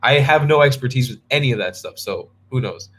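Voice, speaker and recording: Brisk and lively in intonation, his medium-pitched voice is fairly bright with a breathy edge. The young travel vlogger is tired and yawning as he casually answers live chat, rambling and starting over.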